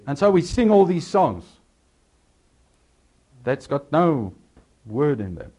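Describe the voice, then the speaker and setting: A man preaching a sermon, swinging between loud, emphatic lines and quieter asides. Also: a little high, very animated, slow pace, breathy edge.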